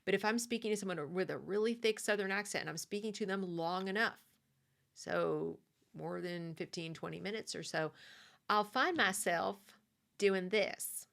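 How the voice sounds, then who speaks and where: A woman's voice: medium pitch, normal speed, creaky, a bit bright. An American woman living in the South gives a conversational, opinionated monologue with fillers and restarts. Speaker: commentary host.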